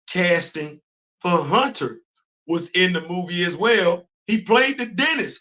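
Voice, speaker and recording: A man's voice: high-pitched, measured pace, bright, forceful tone. A man hosting a comic book morning show, talking casually and emphatically to his audience with a worn-out voice. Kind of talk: casual talk-show commentary.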